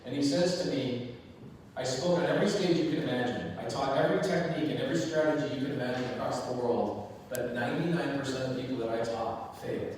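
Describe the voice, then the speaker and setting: A man giving an energetic, conversational motivational talk to a live audience, acting out the dialogue in his story. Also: medium pitch, slight background noise. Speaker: event speaker. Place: large hall before an audience. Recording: echoey hall, distant mic, faint ambience.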